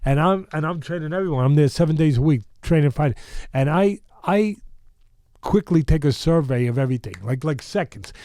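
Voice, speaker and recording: A man in his sixties from New York tells a long story in a warm, low voice, drifting into asides. The recording is dry and close, a podcast studio mic with no room sound. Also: a little fast, no room sound. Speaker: boxing trainer, podcast guest. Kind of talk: animated storytelling.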